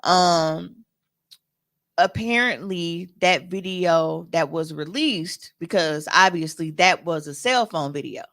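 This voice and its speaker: A woman's voice: fairly low pitch, slow pace, a bit bright. A woman co-hosting a podcast in casual chat, talking bluntly and heatedly and swearing freely. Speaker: podcast co-host.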